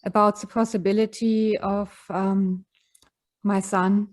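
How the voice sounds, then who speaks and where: Soft-spoken German-accented woman, hesitant. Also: mid-range voice, level tone, slow pace. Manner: soft, hesitant speech with many fillers. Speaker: retreat participant. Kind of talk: sharing in a group session.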